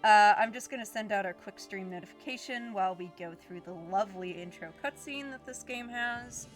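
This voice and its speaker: A woman hosts a live game stream, chatting casually with viewers, laughing often and explaining the game as she goes. Her medium-pitched voice is fairly quick and heard over music.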